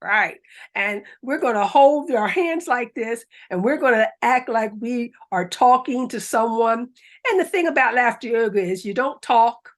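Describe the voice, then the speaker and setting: Slow-talking woman leading laughter yoga. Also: on the high side, animated. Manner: upbeat, coaxing, bursts into hearty laughter. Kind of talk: guided exercise class.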